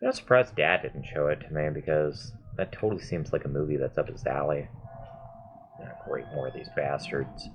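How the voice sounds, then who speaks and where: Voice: extremely low pitch, normal speed, highs cut off, slight background noise. A gamer in their mid twenties giving chatty, self-mocking gameplay commentary and swearing freely. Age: mid 20s. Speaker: gaming video host.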